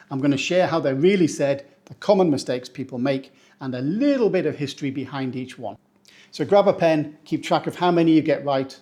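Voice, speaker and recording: A man from England, a teacher giving a playful pronunciation lesson who slows down to say each word. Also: a little high, a little mellow. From northeast England. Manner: playful, slows down to spell out words. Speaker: English teacher.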